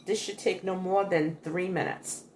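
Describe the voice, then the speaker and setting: A woman's voice: on the low side, fairly even intonation, normal speed, echoey room, background noise. An older woman hosting a homey cooking vlog, chatty and correcting herself as she talks through a recipe in her kitchen. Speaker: cooking vlogger. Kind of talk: casual cooking demonstration. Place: home kitchen.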